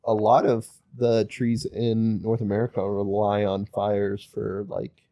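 Laid-back joking man, mellow voice. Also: on the low side, completely flat delivery, a little slow, no room sound. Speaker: podcast co-host. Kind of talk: casual podcast banter.

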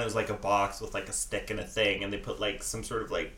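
A young woman with a rumbling low voice speaks at a normal speed in a recording with roomy echo. Co-hosting a podcast, she tells stories in casual chat, acting out quotes and laughing a lot.

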